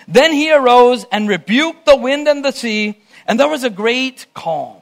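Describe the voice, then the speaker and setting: A man's voice: extremely high pitch, big pitch swings, slow, vocal fry. A male preacher reading scripture aloud and musing on it with frequent restarts, in a sermon. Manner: reads scripture aloud, then muses in restarts. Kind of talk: sermon Bible teaching.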